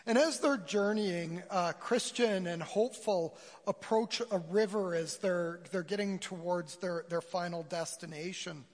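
A man's voice: high-pitched, a little slow, hardly any pauses. A man preaching a sermon to a congregation, retelling a story with a storyteller's flair. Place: church sanctuary. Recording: church hall reverb.

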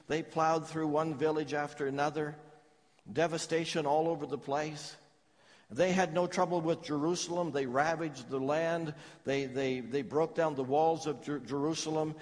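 A man's voice: on the high side, fairly even intonation, moderate pace. Man preaching in a reverberant hall. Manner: dramatic preaching with wide swings from loud to hushed. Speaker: pastor. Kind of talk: sermon.

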